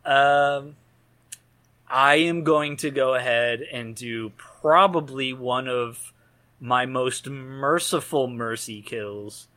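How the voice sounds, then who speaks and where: Slow, bright-voiced man riffing on a film. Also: mid-range voice. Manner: rambling, jokey, laughs at own lines. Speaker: podcast co-host. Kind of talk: casual film discussion.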